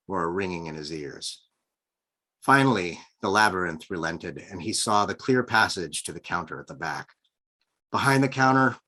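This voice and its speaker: A man with a very low voice reads from his own novel, taking the narration at a measured, expressive pace. He is heard over a video call. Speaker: author reading his novel. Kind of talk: live book reading.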